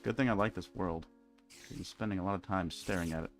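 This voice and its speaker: A young man chats on a game live stream in a deep, gravelly voice. He rambles wryly and keeps restarting his sentences. Soft music plays in the background. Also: quick pace. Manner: rambling, wry, frequent restarts. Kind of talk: casual live-stream chat. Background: faint music.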